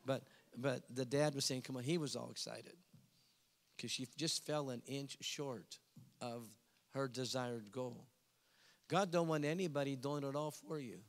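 This middle-aged evangelist, a man, preaches a revival sermon unhurriedly in a large church hall with long reverb. He tells animated stories and slips into squeaky voices for the people he describes.

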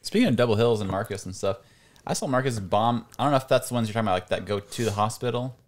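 A man's voice: on the low side, fast. A man co-hosting a podcast, rambling through a story in casual chat and swearing offhandedly. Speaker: podcast co-host.

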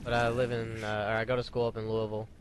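A man's voice: lowish voice, completely flat delivery, fast, a little hiss or hum. A man from Kentucky in online game voice chat, grumbling in a laid-back way about his team. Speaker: teammate. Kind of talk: gaming voice chat.

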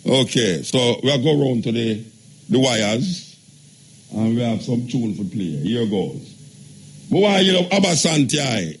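Man, Jamaican accent, radio host, relaxed joking talk, husky voice, mid pitch. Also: a little slow. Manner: relaxed, joking, speaks in patois. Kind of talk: casual call-in radio talk.

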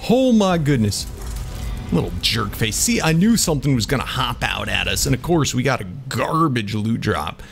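Excitable gravelly man playing a game. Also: mid-range voice, normal speed, soft background music. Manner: excitable, yelps and exclaims often. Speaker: gaming YouTuber. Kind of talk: excited let's-play commentary.

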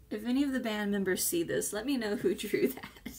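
A woman's voice: medium pitch, fairly quick, a little mellow. A woman chatting casually as a vlogger, gushing and effusive, with hesitant fillers. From United States. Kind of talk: casual unboxing chat.

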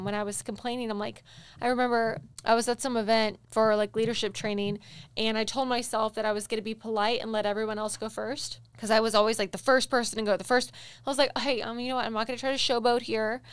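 A woman hosting a casual interview, emphatic and encouraging, telling stories in an animated way. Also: on the high side, clear, resonant tone, dry recording. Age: adult, with a daughter. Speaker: podcast host.

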